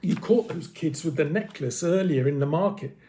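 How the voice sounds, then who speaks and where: A man voicing a big, hairy male robber, a sly villain who speaks in a gruff, mocking way, in a storybook reading. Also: on the high side, animated, normal speed, mellow.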